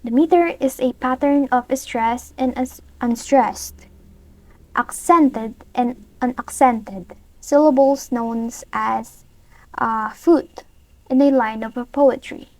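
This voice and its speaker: Slow, careful woman reading a lesson. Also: high voice, a little mellow, no echo, low-quality recording. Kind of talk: reading a prepared lesson aloud.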